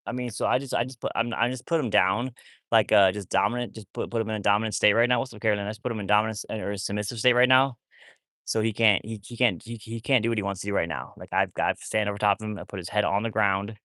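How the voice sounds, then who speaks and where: Working with his dogs on a casual livestream, a wolfdog rescuer rambles to viewers, restarting sentences, repeating himself and letting thoughts trail off. His lowish voice is quick, sharp in tone and fairly even in intonation, softening into soothing coos when he addresses the dogs. It's clean studio sound with no room sound.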